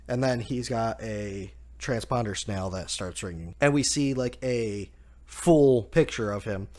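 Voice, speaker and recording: A man hosting a casual chapter review, relaxed, laughing often and saying "like" a lot. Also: medium pitch, a little slow. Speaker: manga review host.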